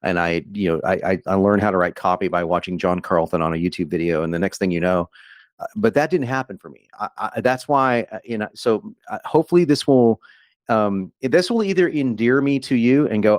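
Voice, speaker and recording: A man giving an enthusiastic, rambling sales pitch on a webinar as a guest copywriter, with frequent restarts and laughs. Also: brisk, dry recording, clean studio sound.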